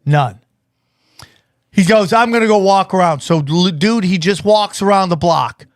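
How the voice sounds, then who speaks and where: A man with a high voice tells a story on a podcast. He acts out every line people said and his voice climbs into excited shouts. The sound is dry and close. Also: moderate pace, dry recording. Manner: animated, acts out quotes, rising to shouts. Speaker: podcast co-host. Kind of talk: casual storytelling chat.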